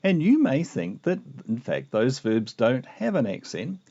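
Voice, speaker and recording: A man teaching a video lesson on Greek grammar, explaining with lively asides. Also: mid-range voice, a little slow. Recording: muffled lo-fi recording.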